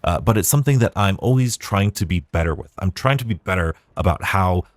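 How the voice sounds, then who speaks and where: Dry-sounding animated man podcasting. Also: deep voice, a little fast, no echo. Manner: animated, conversational, rambling with restarts. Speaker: podcast host. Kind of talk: casual solo podcast monologue.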